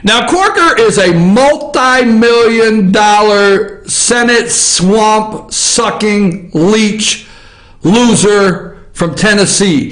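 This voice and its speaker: On a rough, echoey recording, a male host delivers opinionated news commentary from an office. His voice sits high and is a bit bright, and his delivery is an emphatic, blunt rant full of swearing.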